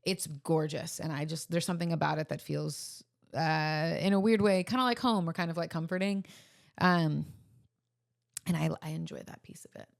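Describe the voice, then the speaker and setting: A woman's voice: deep voice, steady tone, moderate pace, creaky, no room sound, studio quality. A woman in her thirties co-hosting a casual podcast chat, earnest and a little emotional, hesitating with ums. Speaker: podcast co-host.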